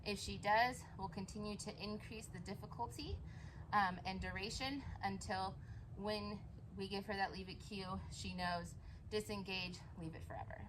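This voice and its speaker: A woman dog trainer running a training session, calmly explaining steps and praising her dogs in bright, high-pitched bursts. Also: normal speed, noisy background. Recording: echoey room, mic at a distance.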